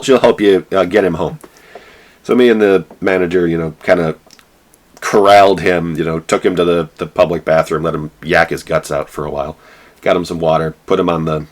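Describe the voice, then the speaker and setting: A man's voice: sits low, steady tone, moderate pace. A man telling a casual anecdote, rambling with fillers and restarts. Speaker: vlogger.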